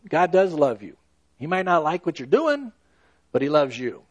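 A man preaching with earnest emphasis, his fairly high voice rising to loud stresses and dropping to hushed, slow lines. The sound is dry and close, with no room echo. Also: expressive. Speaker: pastor. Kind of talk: sermon.

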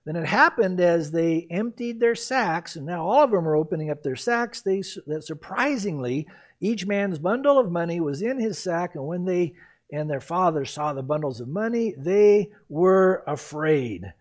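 A lively man preaching a Bible teaching sermon, his voice pitched fairly high and swinging widely up and down. He talks in an animated way, acting out the characters as he goes. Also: normal speed. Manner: animated, acts out quoted voices and reactions, laughs at his own asides. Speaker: pastor.

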